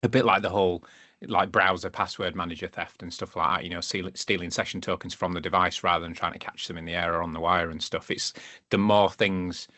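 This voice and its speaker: A man's voice: low-pitched, steady tone, a little fast, sharp tone, no echo. A man co-hosting a tech podcast, thinking aloud as he weighs convenience against security. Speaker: podcast co-host. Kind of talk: casual tech discussion.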